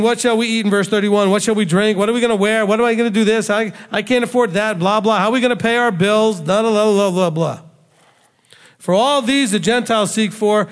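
A man preaching a sermon, bluntly scolding his listeners with rhetorical questions. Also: high voice. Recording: long hall reverb.

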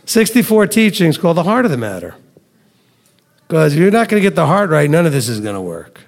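High-voiced male preacher in a reverberant hall. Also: gravelly. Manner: conversational teaching, reads scripture aloud slowly, asks the congregation questions. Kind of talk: sermon.

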